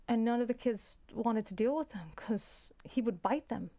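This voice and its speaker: A young adult woman, a teacher, telling a story in a casual, halting way, often repeating words and sighing. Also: fairly high pitch, expressive, warm tone.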